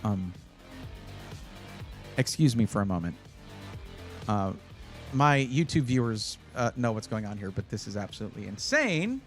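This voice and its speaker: A man hosting a live stream, chatting casually and advising viewers, with frequent fillers and sudden bursts of excitement. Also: fairly low pitch, moderate pace, pauses often, faint music behind. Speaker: livestream host giving PC buying advice.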